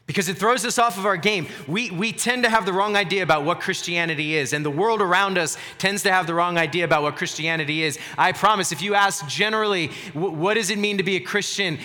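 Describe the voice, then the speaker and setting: A man's voice: high-pitched, bright, forceful tone, big-room sound. A man preaching a sermon as pastor, earnest and emphatic, often repeating words for stress.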